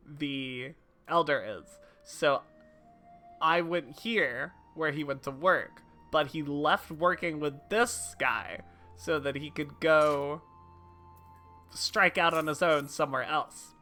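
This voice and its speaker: A woman's voice: deep voice, bright, forceful tone. A woman streamer chatting casually with her viewers while playing a game, chatty and self-deprecating. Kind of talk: casual livestream chat while gaming.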